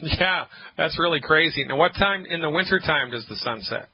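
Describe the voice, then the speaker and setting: A man's voice: fairly high pitch, expressive, normal speed, slightly rough. A man hosting a call-in health radio show as a naturopath, emphatic and jokey, on a dull lo-fi broadcast. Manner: emphatic, jokey, rants with mock-angry acted quotes.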